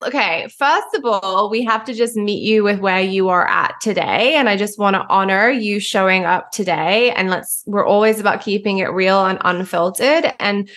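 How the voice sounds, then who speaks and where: A woman's voice: mid-range voice, moderate pace, hardly any pauses, fairly bright tone. Gushing podcast host woman. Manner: gushing, affirming. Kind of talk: casual podcast interview.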